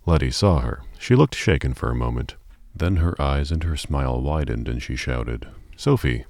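A man narrating an audiobook in a calm, measured storytelling manner. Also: a bass voice, creaky, no echo.

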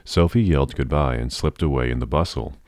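Man reading a novel aloud, really deep voice, dead dry sound. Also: fairly quick, a little mellow, dry recording. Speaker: narrator. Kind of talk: audiobook narration.

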